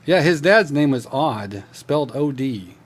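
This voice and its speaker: A man's voice: mid-range voice, animated. A middle-aged man hosting a gaming podcast in casual, chatty, jokey conversation. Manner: chatty, jokey, quick to laugh. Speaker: podcast host. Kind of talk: casual chat.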